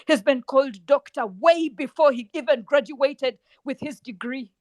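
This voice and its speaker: A Ugandan woman speaks with a notably high voice, delivering a fiery address to students. She hammers points home by repeating words and swings from near-whispers to loud, ringing lines. The sound is close and dry, with no room around it. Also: moderate pace, no echo, poor audio. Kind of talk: impassioned public speech.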